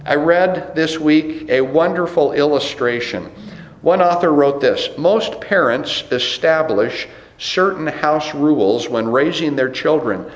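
A male pastor preaches in an echoing church, his voice carrying through the room. He speaks slowly and leans on his words, repeating phrases for stress. His voice sits a little higher than most men's. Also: lively intonation. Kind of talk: sermon. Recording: roomy echo.

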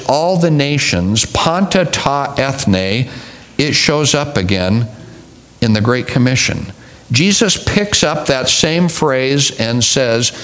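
A man's voice: on the high side, a bit bright. A man preaching a sermon, stressing his points by repeating key phrases. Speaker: pastor.

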